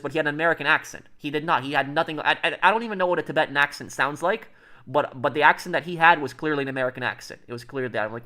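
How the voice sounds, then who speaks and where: A man's voice: on the high side, fast, sharp tone. A man streaming and chatting casually with viewers, rambling with lots of fillers and restarts. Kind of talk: casual livestream chat.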